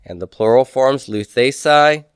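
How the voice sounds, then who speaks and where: A man's voice: fairly low pitch, normal speed, smooth. A man teaching a recorded lesson, asking his class questions and then answering them himself, and drilling word forms aloud. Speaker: Greek teacher. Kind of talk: recorded lecture.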